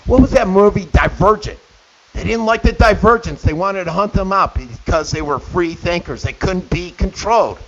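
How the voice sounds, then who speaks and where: A man's voice: high voice, normal speed, fairly bright tone. A middle-aged man hosting a radio show, delivering an indignant opinion monologue with sarcastic asides. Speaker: radio host. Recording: dull lo-fi with faint hiss.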